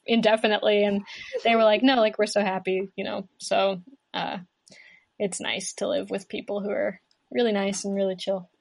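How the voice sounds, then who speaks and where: A young adult woman chatting as a guest musician, relaxed and rambling, with lots of fillers and restarts over a remote call setup. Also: mid-range voice. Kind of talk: casual chat.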